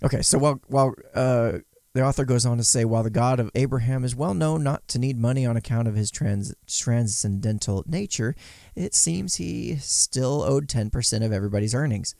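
A man's voice: mid-range voice, brisk, creaky, a little mellow, dry recording, studio quality. A man giving casual commentary, sarcastic and mocking, sometimes voicing quotes in exaggerated tones. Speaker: podcast commentator.

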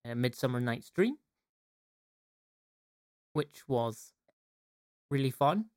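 A man from the Isle of Lewis co-hosting a podcast in casual chat, relaxed and often laughing. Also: mid-range voice, takes it slowly, no echo, clean studio sound. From Isle of Lewis, Scotland. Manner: laid-back, laughing, trailing off. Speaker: podcast co-host, teacher.

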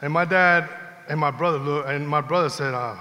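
A man preaching a sermon, telling a personal story in a conversational, animated way. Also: a little high, brisk. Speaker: pastor. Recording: long hall reverb.

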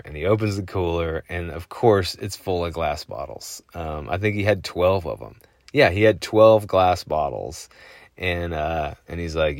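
Podcast host, a man with a very deep voice, rambling through a casual story. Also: normal speed, no room sound, clean studio sound. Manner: rambling, lots of fillers, chuckling.

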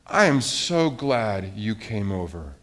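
A man's voice: lowish voice, sing-song, slow, fairly bright tone, voice pushed down, heavily acted. A man doing a meek little storybook frog. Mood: gentle. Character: timid small male storybook frog. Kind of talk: storybook reading to children.

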